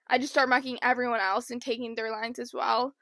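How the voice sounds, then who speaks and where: A young woman vlogger telling a rambling, animated storytime in casual chat. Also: fairly high pitch, fairly quick, dry recording, studio quality. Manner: chatty, rambling, animated impressions.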